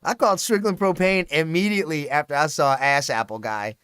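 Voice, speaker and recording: A man's voice: on the high side, fairly quick, a bit bright, clear, resonant tone, dry recording, clean studio sound. A man hosting a casual live stream, rambling, swearing freely and laughing often. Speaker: livestream host.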